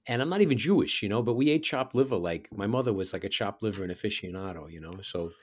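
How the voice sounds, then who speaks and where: A man's voice: on the low side, fast, breathy edge. Man with a New York borough accent. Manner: animated storyteller who mimics people he knew. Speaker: musician. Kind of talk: casual chat.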